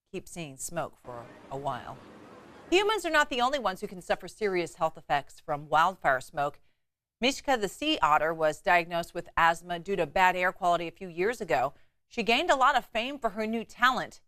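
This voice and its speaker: Woman news anchor, lowish voice, brisk with casual asides, dry studio sound. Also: fairly bright tone, no echo. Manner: brisk, chatty asides between stories. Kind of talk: morning newscast reading.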